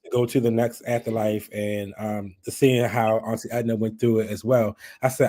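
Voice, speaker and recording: A man's voice: lowish voice, normal speed, hardly any pauses. A man, chatting and laughing as he hosts a live stream. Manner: chatty, laughing, lively retelling. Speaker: livestream host. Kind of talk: casual live chat.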